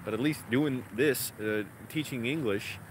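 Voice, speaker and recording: Chatty male vlogger, mid-pitch, rambling with fillers, clear city noise around him. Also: unhurried. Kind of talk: casual vlog talk. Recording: outdoor street noise behind.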